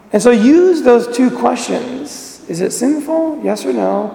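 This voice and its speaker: A man delivers a sermon in a high, mellow voice with a gravelly edge. He urges his listeners earnestly and then drops to a hush. His voice rings through a large, echoing church. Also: expressive, unhurried. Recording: echoey church with long reverb.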